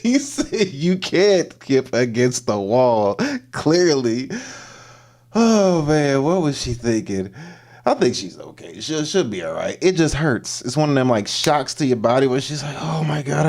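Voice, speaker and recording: A man hosting a reaction livestream, commenting with animated energy, laughing often and repeating punchlines. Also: medium pitch, unhurried. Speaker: livestream host.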